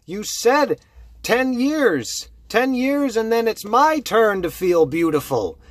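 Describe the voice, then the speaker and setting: A man voicing a deranged young woman with an axe, who taunts in a shrill sing-song and shrieks in rage. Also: expressive, normal speed, dry recording, studio quality, natural voice. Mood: shrieking rage.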